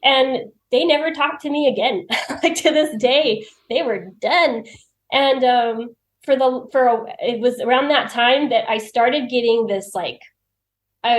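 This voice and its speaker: A woman's voice: fairly high pitch, unhurried. Roomy-sounding chatty woman guest. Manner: chatty, laughs often, acts out her own remarks. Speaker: podcast guest. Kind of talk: personal storytelling in conversation. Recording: roomy echo.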